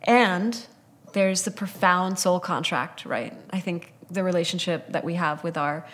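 Woman podcast co-host, slightly low voice, measured and affirming. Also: steady tone, fairly bright tone. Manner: measured, spiritual vocabulary, affirming. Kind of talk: casual reflective conversation.

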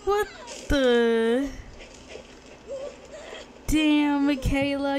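A woman giving casual, profane commentary on her life-sim game, gasping and reacting loudly. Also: high voice, animated, extremely slow, long pauses, slight background noise. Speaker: let's play gamer.

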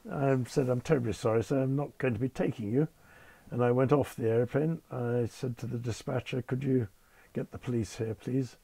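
With a mellow, medium-pitched voice and no room sound, an older British man who once captained Concorde recounts dry, understated stories politely as a guest in an interview.

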